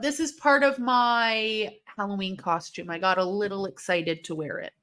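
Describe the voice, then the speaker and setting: A young woman hosting a live watch-along stream, reacting aloud to a match with excitable, swearing commentary. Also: mid-range voice, moderate pace, muffled recording, slight background noise. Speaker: livestream host.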